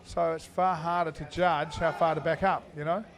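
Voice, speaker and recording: A man's voice: on the high side, fairly even intonation, moderate pace. A middle-aged man giving live indoor cricket commentary, chatty and full of fillers as he thinks aloud.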